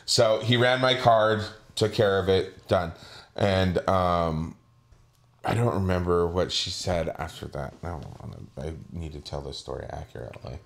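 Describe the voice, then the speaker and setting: A man's voice: low voice, moderate pace, gravelly. A man co-hosting a podcast, telling a casual story and acting out the voices of the people in it. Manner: animated storyteller, acts out quoted voices. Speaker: podcast co-host.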